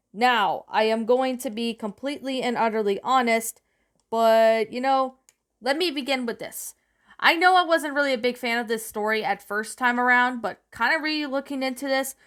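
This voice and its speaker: A woman's voice: on the high side, moderate pace, fairly bright tone. A woman narrating a creepypasta and then reviewing it in a rambling, self-correcting way.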